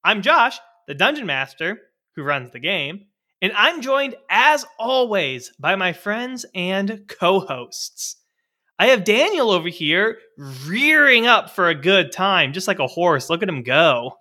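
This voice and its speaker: Podcast host and game master, man, high bright voice, playful and teasing. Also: sing-song, slow. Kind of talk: joking podcast intro among friends.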